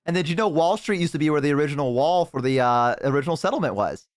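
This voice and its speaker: A young man streaming and chatting casually with a friend on a call, excitable and swearing a lot, with sudden high-pitched outbursts. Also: fast, no room sound, clean studio sound. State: has the hiccups.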